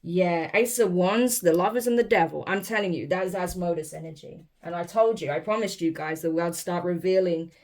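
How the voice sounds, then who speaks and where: A woman's voice: lowish voice, brisk, few pauses, a little mellow. A woman giving a casual tarot reading to camera, emphatic, blunt and profane, often exasperated and incredulous. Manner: emphatic, blunt and profane, with repeated "I'm telling you". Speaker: tarot reader.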